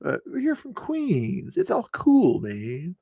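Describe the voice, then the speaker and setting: A man's voice: a little high, huge pitch swings, very slow, mellow, husky, dry recording, studio quality, voice pushed up, heavily acted. A man putting on a loose, swaggering New York street accent, playing a brash local guy.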